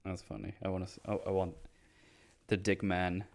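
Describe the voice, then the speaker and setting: A man with a lowish voice chats casually as a podcast host, retelling film scenes. He talks in loose run-on sentences, mumbling through quoted lines and cracking crude jokes. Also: little pitch movement, moderate pace, gravelly.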